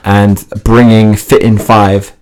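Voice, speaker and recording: A man who hosts a fitness TV show, chatting as a podcast guest and telling lively stories with frequent laughs. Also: on the low side, slow pace, smooth. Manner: animated storytelling, laughs often, restarts sentences. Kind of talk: casual interview chat.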